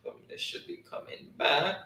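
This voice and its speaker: A man's voice: normal speed, sharp tone, distant mic. A man hosting a live trivia stream, chatting casually, reading viewer comments aloud and often breaking into laughter. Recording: roomy sound, voice set back from the mic.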